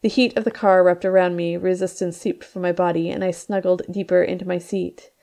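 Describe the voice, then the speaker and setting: A woman with a low, gravelly voice reads her own novel aloud in the first person. Her delivery is measured, and she lifts her voice when the characters cry out. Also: little pitch movement, mellow. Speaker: author reading her book. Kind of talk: audiobook-style narration.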